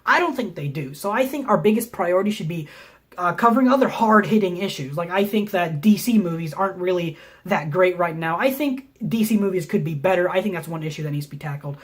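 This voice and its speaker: A young man from Tennessee, a film student, delivering a mock pitch video in a deadpan, rambling way, full of ums and restarts. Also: a little fast, breathy edge. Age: young adult.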